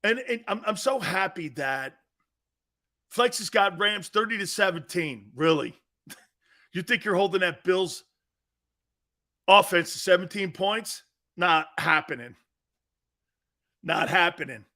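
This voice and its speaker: Brash, bright-voiced sports talk host. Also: male voice, sits high, expressive, measured pace, long pauses. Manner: brash, trash-talking, loud bursts. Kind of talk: live-stream sports talk reading chat.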